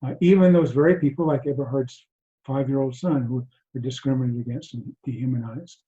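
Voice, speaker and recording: Male mindfulness teacher, soft and reflective, mid-pitched, muffled video call sound. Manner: soft-spoken, halting, many restarts. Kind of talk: reflective talk to an online group. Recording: dull lo-fi video call audio.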